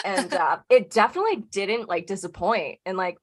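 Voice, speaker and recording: A woman telling a spooky personal tale in a loose, chatty way, with "like" dropped into almost every phrase. Her voice sits at an ordinary middle pitch for a woman. The talk is unscripted and conversational. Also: very animated, fairly quick. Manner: chatty, peppers speech with "like". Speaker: podcast guest. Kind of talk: casual storytelling.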